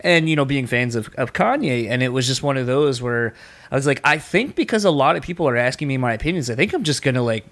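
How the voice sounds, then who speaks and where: A man's voice: mid-range voice, lively intonation, fast talker, fairly bright tone. A man hosting a music interview show, talking casually and leaning hard on fillers as an enthusiastic fan. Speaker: podcast host.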